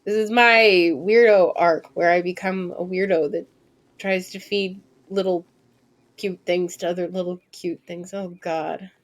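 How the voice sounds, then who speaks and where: A woman in her twenties streaming live gameplay commentary, chatting and thinking aloud, with sudden excited squeals and casual swearing. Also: fairly low pitch, a little slow.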